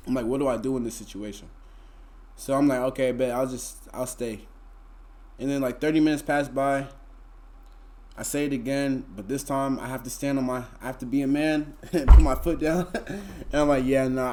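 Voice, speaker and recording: A man's voice: medium pitch, dark tone. A young man, telling a story to his live chat in a laid-back, slangy, rambling way full of fillers. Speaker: streamer.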